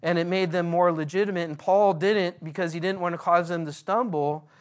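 A man, a pastor, giving a verse-by-verse Bible teaching in an earnest way, slowing down when he reads scripture aloud. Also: high voice, steady tone.

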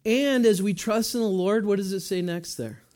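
A man with a high-pitched voice delivers a sermon in a chatty, conversational way. He throws questions to the congregation and answers himself in quick asides, like a pastor talking with his flock. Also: darkish tone.

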